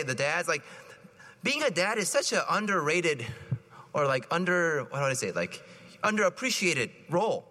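A priest preaches in a loose, storytelling way, acting out the voices of the people in his stories. His voice sits a little high and sounds bright and forward. Long church reverb trails after every phrase. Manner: conversational, anecdotal, acts out quoted voices. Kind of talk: sermon.

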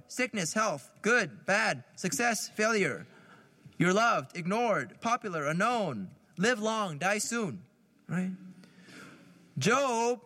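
A man's voice: high voice, sharp tone, big-room sound. A man, a priest, giving a conversational sermon, asking the listeners questions and laughing lightly at his own jokes.

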